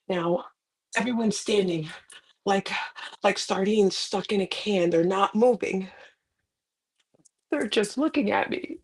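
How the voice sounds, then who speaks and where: A woman's voice: unhurried, long pauses, a little mellow, husky. Middle-aged woman, motivational author, dramatic personal storyteller with sudden swells. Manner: dramatic, with sudden rises in pitch and volume. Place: indoors on a carpeted floor.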